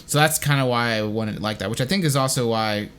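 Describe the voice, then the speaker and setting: A man's voice: medium pitch, fast, fairly bright tone, smooth. A young man hosting a casual commentary on his own animation, rambling with many hedges and restarts. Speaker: host and animation creator.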